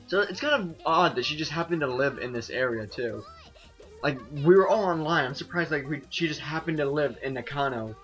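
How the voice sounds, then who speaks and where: A man's voice: on the high side, fairly bright tone. Rambling, self-mocking let's play guy. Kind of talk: casual game commentary.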